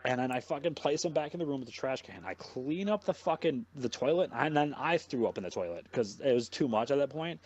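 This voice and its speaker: This young podcast host speaks briskly with few pauses, his voice sitting at medium pitch, and the audio sounds dull. He spins a long, meandering story in casual conversation, cursing constantly and staying animated throughout.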